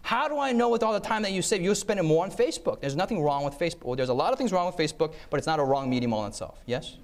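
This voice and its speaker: A man's voice: fairly high pitch, lively intonation, racing. A man giving a sermon, telling stories and checking in with his listeners as he goes. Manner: engaging, checks in with listeners with "okay?" and "yes?"; acts out quoted voices mid-story. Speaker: preacher giving a talk on time management. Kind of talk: sermon with storytelling.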